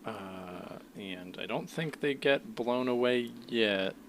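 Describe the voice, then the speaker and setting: A man's voice: lowish voice, takes it slowly, a little hiss or hum. A man co-hosting a casual podcast, recapping episodes and swearing freely. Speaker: podcast co-host. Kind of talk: casual chat.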